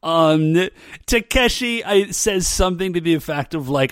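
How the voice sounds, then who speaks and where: A man's voice: a little high, animated, measured pace, fairly bright tone, clear, resonant tone, dry recording, studio quality. A man hosting a podcast, recapping an episode in a casual, rambling way, full of fillers like "um" and "like", with frequent laughs. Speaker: podcast host.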